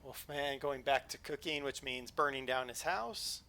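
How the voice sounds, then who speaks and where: A livestream host plays a game live, chatting casually, joking around and staying playful. He has a medium-pitched, sharp-toned voice and a measured pace.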